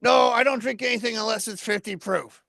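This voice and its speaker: A man's voice: extremely high pitch, brisk, gravelly, pushed and bright, no echo, exaggerated voice. A man voicing a boozy, sarcastic male orb puppet in a ventriloquist act, trading insults. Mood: boastful.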